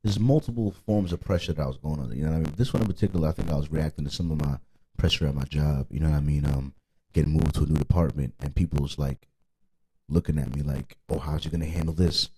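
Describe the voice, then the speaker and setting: Casual Detroit podcast host, male, low husky voice, animated, foul-mouthed, faint music bed. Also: fast, low-quality recording. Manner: animated, swears freely, repeats "you know what I mean".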